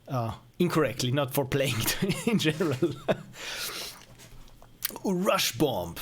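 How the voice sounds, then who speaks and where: Slightly rough and a little high, this young man's animated voice moves slowly, with frequent pauses. He's streaming and reviewing small indie games, offering casual live-stream commentary that rambles, pokes fun at himself, and is dotted with chuckles.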